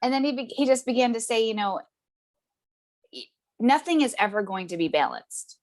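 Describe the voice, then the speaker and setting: A woman's voice: a little high, very animated, moderate pace. A woman as an interview guest, telling a story in a chatty way, full of tag questions and fillers, who laughs often and acts out the voices she quotes. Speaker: interview guest, essential oils seller. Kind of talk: casual conversational storytelling.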